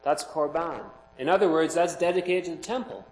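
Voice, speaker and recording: A man's voice: a little high, a little fast, roomy sound, poor audio. A man preaching a sermon as pastor, earnest and emphatic, explaining scripture to his congregation.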